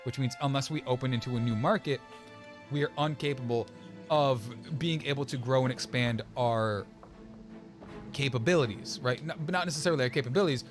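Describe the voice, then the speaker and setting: A young man streaming a game and chatting casually, rambling with many restarts and quick laughs. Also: medium pitch, music in the background. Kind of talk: casual chat while gaming.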